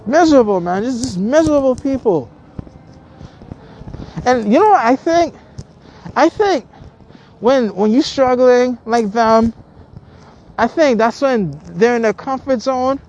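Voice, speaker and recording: A woman vlogs an angry, profane rant, swearing constantly, repeating herself and restarting with stammers. Her fairly high, slightly mellow voice is animated, with a measured pace and long pauses. The recording sounds muffled.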